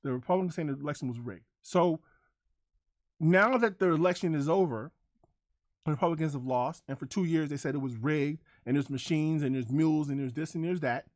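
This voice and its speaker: A man's voice: fairly high pitch, fairly quick, dry recording, studio quality. A man hosting a livestream, ranting to his chat in a combative, profane, repetitive way. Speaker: livestream host.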